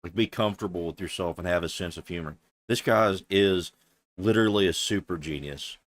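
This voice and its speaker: A man's voice: low voice, brisk. A male streamer reacting to a clip, mocking and incredulous, swearing often.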